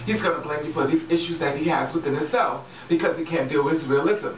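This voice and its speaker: A low-voiced, fast-talking woman gives relationship advice in a casual, straight-talking vlog, swearing freely and laughing often. She's recorded in an echoey room through a distant, dull mic, with faint background noise.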